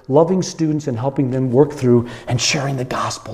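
A man preaching a sermon with passion, stretching key phrases slowly and breaking into a sung refrain. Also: mid-range voice, expressive, dark tone. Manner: impassioned, sings a hymn refrain; drawn-out emphatic phrases.

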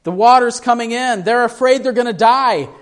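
A man's voice: very high voice, moderate pace, clear, resonant tone. A man preaching a sermon, putting questions to his congregation and acting out the voices in the story as he goes. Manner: asks the congregation questions, acts out quoted voices; shifts between hushed and raised delivery. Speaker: pastor.

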